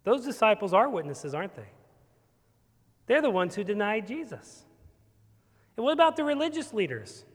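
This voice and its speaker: A pastor delivers his sermon with a high-pitched voice that swells from hushed to forceful. He preaches as if to a congregation. The church gives every word a long echoing tail. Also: sing-song, moderate pace, pauses often. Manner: emphatic preaching that swells from quiet to loud. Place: church sanctuary.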